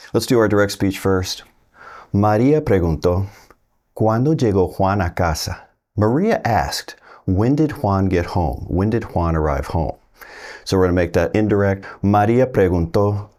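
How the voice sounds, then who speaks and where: A man teaching a casual video lesson, explaining slowly and loosely with plenty of fillers. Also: deep voice, a little mellow. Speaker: Spanish teacher.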